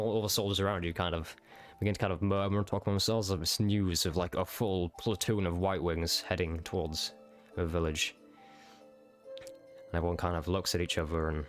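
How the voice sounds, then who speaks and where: A man narrates a tabletop game scene in a loose, rambling style full of fillers. His voice sits fairly low, and faint background music plays under it. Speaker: game master.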